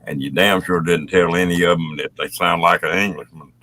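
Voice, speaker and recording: Deep-voiced man cracking folksy jokes. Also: fairly even intonation, a little fast, sharp tone. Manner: folksy joke-telling. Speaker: host of a live stream. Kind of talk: casual chat.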